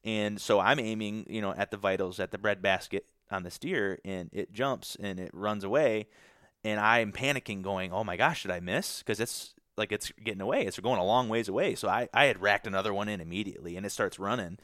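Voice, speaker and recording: A young man tells a hunting story in a loose, rambling way, circling back with fillers and restarts. His voice sits a little low, and the sound is dry and close, as if recorded on a podcast mic in a small quiet room. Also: brisk, no room sound. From Michigan. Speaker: guest telling a hunting story. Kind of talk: casual storytelling.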